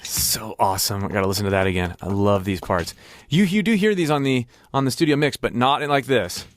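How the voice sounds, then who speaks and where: A man's voice: mid-range voice, fairly quick, a little hiss or hum. A man hosting a casual music reaction, explaining what he hears and thinking aloud. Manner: explanatory, thinks aloud, sings snippets to demonstrate. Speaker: host. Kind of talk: casual music analysis while listening.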